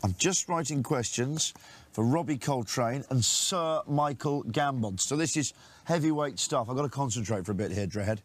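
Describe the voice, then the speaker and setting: A man's voice: medium pitch, expressive, normal speed. A man hosting a jokey interview, bantering and stumbling through his questions.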